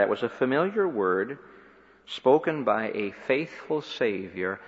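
A man delivering a sermon in a big, echoing hall, his words ringing out with a long tail of reverb. He swings from loud, emphatic climaxes down to hushed, low lines. The recording is muffled and lo-fi. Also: animated, measured pace. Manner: swings between loud emphatic peaks and quiet low phrases. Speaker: preacher.

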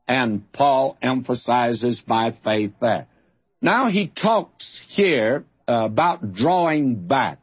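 A man teaching a verse-by-verse Bible sermon, deliberate and emphatic, repeating his key phrases. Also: medium pitch, lively intonation, breathy edge, muffled recording.

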